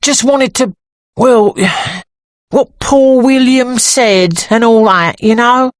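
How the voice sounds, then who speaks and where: A woman's voice: fairly high pitch, takes it slowly, no room sound, studio quality, pitched above the performer's own voice. A woman reading an audiobook, voicing a stout, florid middle-aged man who talks hesitantly. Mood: awkward.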